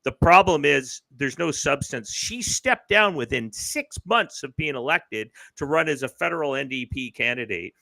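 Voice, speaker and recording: A man's voice: medium pitch, animated, normal speed, gravelly, few pauses, sharp tone, no room sound, poor audio. A man from Canada hosting a political livestream, ranting sarcastically over a webcam mic. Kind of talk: political commentary rant.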